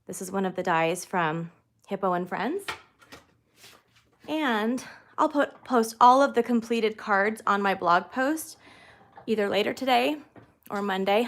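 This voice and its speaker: A friendly woman runs a live crafting demo from her craft room, chatting easily with viewers as she works. Her voice sits at an ordinary middle pitch for a woman, relaxed and conversational. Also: a little slow, pauses often. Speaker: card-making demonstrator and host. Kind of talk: live crafting tutorial, casual chat.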